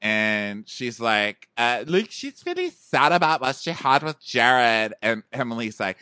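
A man co-hosting a casual chat, animated and quick to slip into exaggerated impressions. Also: smooth, dry recording, studio quality. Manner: animated, slips into exaggerated high-pitched impressions.

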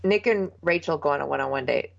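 A woman's voice: deep voice, quick pace, vocal fry, no echo. A woman co-hosting a casual podcast, chatting as she recaps a reality show and moves the story along. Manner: chatty, keeps the recap moving. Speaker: podcast co-host. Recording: dull, lo-fi sound.

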